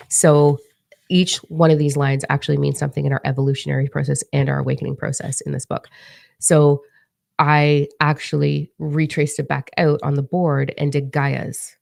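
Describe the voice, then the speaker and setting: A young woman telling a story in a chatty, animated way, with casual swearing, as a spiritual teacher and author in a vlog. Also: low voice, vocal fry, dry recording, studio quality.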